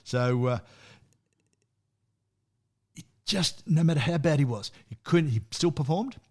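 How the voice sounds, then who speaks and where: A man's voice: fairly high pitch, expressive, unhurried, darkish tone. A man telling stories in a casual radio chat. He presents a music segment and often chuckles at his own anecdotes.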